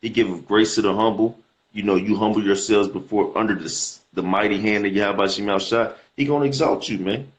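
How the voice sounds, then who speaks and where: A man's voice: on the low side, steady tone, fairly quick. A man teaching scripture in a casual, slangy way, reading verses aloud and repeating words as he explains them. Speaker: preacher.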